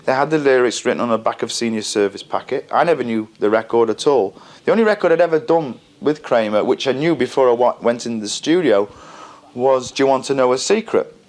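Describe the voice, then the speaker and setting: An older man reminiscing casually in an interview, halting and repeating words, often chuckling. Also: mid-range voice, animated, darkish tone. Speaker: interviewee, band member.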